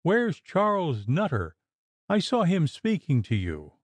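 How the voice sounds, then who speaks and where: A man voicing a terrified, delirious little woman who cries out in shrill, frantic bursts. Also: huge pitch swings, slow, dry recording, heavily acted.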